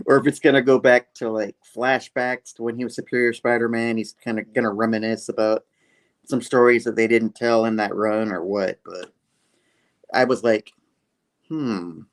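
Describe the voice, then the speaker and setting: A man's voice: mid-range voice, moderate pace. A man in casual chat, retelling a comic story and hamming up the characters' lines. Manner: animated, hammy quoting of villains. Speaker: comic book reviewer.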